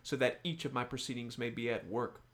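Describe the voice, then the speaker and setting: A man's voice: mid-range voice, fairly quick, fairly bright tone, lightly acted. A man doing a dramatic reading of a suave villainous male crime lord, in a mock Italian accent. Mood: languid, grandiose. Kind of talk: dramatic reading of a novel passage.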